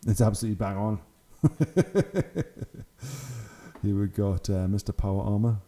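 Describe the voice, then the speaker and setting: A young man chats his way through hobby photos with plenty of laughs and easy enthusiasm. His voice is very dark and mellow and sits fairly low. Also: flat delivery, normal speed. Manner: chatty, enthusiastic, laughs often. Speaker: channel host. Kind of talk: casual commentary on hobby photos.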